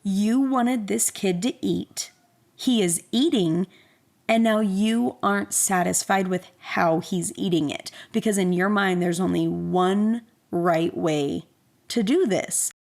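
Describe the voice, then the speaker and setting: A calm, patient divine voice, which a woman puts on in her own story, asks gentle questions at an unhurried pace. The tone stays slow and slightly lowered, with a light gravelly fry. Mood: gently reasoning. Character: calm, patient inner voice of God.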